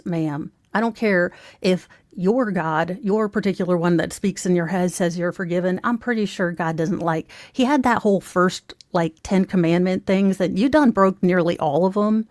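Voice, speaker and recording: A woman's voice: fairly low pitch, a little mellow, no echo, studio quality. A woman giving casual, sarcastic commentary on a trial, talking straight to her viewers in a mocking, rambling way full of asides. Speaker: true crime commentator.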